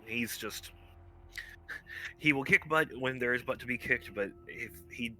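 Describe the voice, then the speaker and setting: A man's voice: medium pitch, a little slow, bright, forceful tone, slight background noise. A man playing a tabletop game, speaking in a hesitant way with sighs. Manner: hesitant, sighing. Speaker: player.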